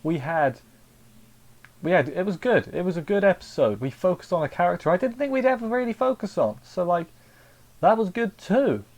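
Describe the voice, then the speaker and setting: A man's voice: high voice, lively intonation, normal speed, a little mellow. Man rambling through an anime review. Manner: rambling, repeats words and restarts often. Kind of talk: casual spoken episode review.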